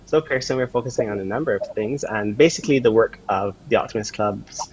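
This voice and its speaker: A man, a service club official, explaining a charity drive on a morning show in a steady, informative way. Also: fairly low pitch, quick pace, a little hiss or hum. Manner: informative, steady, uses fillers. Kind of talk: studio interview. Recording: dull lo-fi sound.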